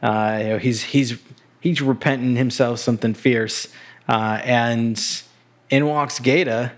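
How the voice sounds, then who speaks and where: Man, podcast co-host, casual recap, relaxed, lots of ums. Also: mid-range voice, measured pace. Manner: relaxed, loose recap full of fillers and laughs. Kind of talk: casual chat recapping a TV episode.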